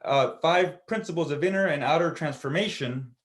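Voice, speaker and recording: A man's voice: on the high side, normal speed. A man telling a personal story as a guest speaker at a church service, in an earnest, conversational way.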